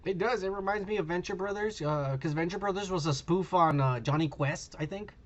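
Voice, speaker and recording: A man's voice: sits high, fairly quick, lo-fi sound. A man co-hosting a casual podcast, rambling and profane, with lots of fillers. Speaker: podcast co-host. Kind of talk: casual chat.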